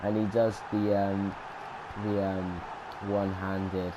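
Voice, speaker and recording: A young man with a somewhat low voice casually commentates over a replay of his football game, taking it slowly. He rambles from point to point with lots of ums and restarts, and steady background noise runs underneath.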